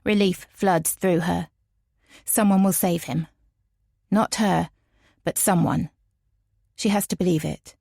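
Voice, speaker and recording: A woman narrating a first-person audiobook in a measured, tense way. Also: lowish voice, steady tone, gravelly, darkish tone, no echo, clean studio sound.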